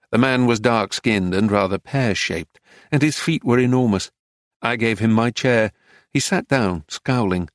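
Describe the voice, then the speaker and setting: A man reading a memoir-style audiobook in scripted narration, even and understated. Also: on the low side, measured pace, dry recording, studio quality.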